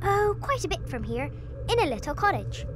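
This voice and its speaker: A woman's voice: very high voice, big pitch swings, normal speed, noisy background, voice pushed up. A woman voicing a trusting little girl in a red cape, eager and polite. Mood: sweet. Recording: music playing behind.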